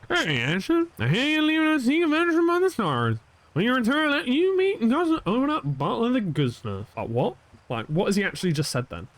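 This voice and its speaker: A man streaming a video game, chatting in an animated, self-mocking way. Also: on the high side, no echo. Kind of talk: live gameplay commentary.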